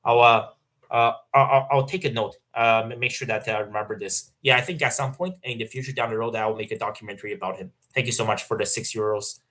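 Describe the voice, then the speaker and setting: A young man hosting a livestream, reading out viewer questions and answering in a halting, filler-heavy casual way. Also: lowish voice, fairly even intonation, fairly bright tone. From Canada. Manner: halting, many fillers and restarts, laughs often. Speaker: livestream host. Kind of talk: casual livestream chat reading super chats.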